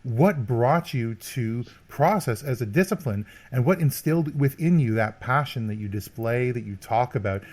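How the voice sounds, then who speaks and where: A man's voice: medium pitch, lively intonation, normal speed, hardly any pauses, darkish tone. A man from Canada co-hosts a podcast over a video call. He talks in a wry, rambling way and circles around his points before getting to his question. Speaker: podcast co-host. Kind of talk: casual chat.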